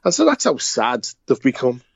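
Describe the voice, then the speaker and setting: A man's voice: mid-range voice, huge pitch swings, moderate pace, creaky, slightly rough, no room sound, lo-fi sound. A man with a Liverpool Scouse accent telling anecdotes in casual chat, blunt and chuckling as he talks. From Liverpool, England. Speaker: podcast co-host.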